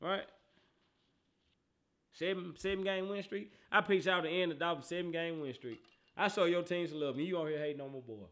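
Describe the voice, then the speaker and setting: High bright-sounding guy doing a sports talk rant, aave, teasing, repeating himself, laughing a lot. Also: a little fast, pauses often.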